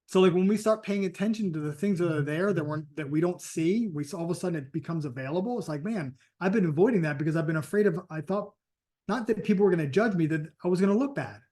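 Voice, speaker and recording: Casting: man, sales coach, emphatic storyteller, voice sitting a bit high. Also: fast, warm tone. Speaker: sales and network marketing coach. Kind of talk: motivational training talk.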